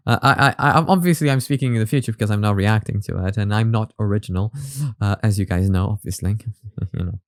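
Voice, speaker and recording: A man's voice: lowish voice, fast talker. A young man hosting a reaction video, talking casually in a rambling, self-mocking way. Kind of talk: casual chat.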